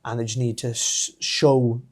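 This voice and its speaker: A man in his thirties with a Welsh accent, a wrestler telling his story as a podcast guest, animated and laughing often. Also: mid-range voice, moderate pace. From Wales. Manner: animated, laughs often, acts out quoted voices. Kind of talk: casual storytelling interview.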